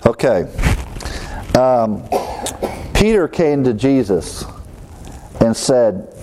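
A man's voice: mid-range voice, expressive, slow, pauses often, warm tone, a little hiss or hum. A man teaching a sermon, reading scripture aloud and commenting on it with rising emphasis while walking around. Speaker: preacher.

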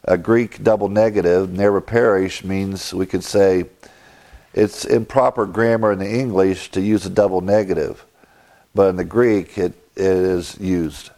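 Low mellow-voiced man teaching scripture. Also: steady tone, unhurried. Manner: methodical, explains Greek grammar. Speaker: pastor. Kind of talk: expository Bible teaching.

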